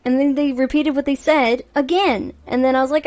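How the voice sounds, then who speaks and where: Brief: female VTuber streamer, high-ish voice, exasperated, swears freely while ranting. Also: steady tone, fairly quick, a little mellow. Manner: exasperated, profane storytelling. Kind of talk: casual livestream rant.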